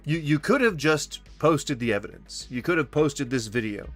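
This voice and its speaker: A man's voice: on the high side, expressive, moderate pace, soft background music. A man commentating on video clips with mocking sarcasm, swearing and mimicking the people he reacts to. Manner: mocking, mimics others in taunting voices, swears.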